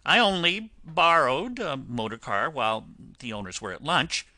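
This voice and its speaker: A man voicing a boastful male toad gentleman who pleads and pities himself, in an audiobook reading. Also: mid-range voice, expressive, normal speed, no echo, pitched above the performer's own voice. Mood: sheepish. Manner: pleading and self-pitying. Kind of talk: audiobook character voice.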